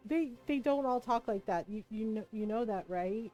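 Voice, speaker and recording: A woman's voice: fairly high pitch, moderate pace, dark tone, faint music behind. A woman streaming a video game, with chatty, rambling commentary and frequent laughter. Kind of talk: casual live-stream commentary.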